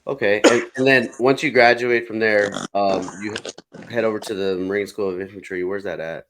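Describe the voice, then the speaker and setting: A man's voice: on the low side, fairly even intonation, moderate pace, background noise. A man hosting a podcast, asking loose, casual questions full of "like" and "y'all". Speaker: podcast host.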